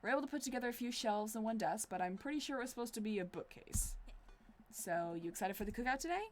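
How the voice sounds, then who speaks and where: A woman's voice: on the high side, quick pace, soft background music. A woman streaming a dating game, reading it aloud with wry, chatty commentary. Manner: wry, chatty, deadpan asides.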